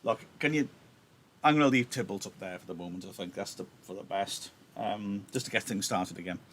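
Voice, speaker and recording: A man's voice: fairly low pitch, fairly quick. Chatty male teacher with a sore throat. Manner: chatty, apologetic, explaining. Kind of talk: livestreamed reading lesson with analysis. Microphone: laptop.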